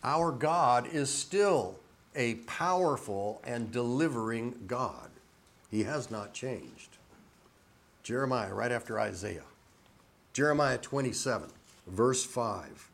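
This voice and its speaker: A man preaching a sermon and reading scripture aloud, in a conversational way that swings between quiet asides and loud emphatic lines. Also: medium pitch, animated, slow, gravelly. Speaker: pastor.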